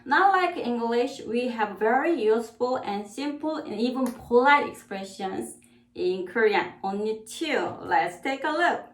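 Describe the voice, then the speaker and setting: A woman teaching a beginner Korean lesson in English that is plainly not her first language. She speaks slowly and repeats each phrase for practice. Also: fairly high pitch, lively intonation, reverberant. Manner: slow, repeats words for practice.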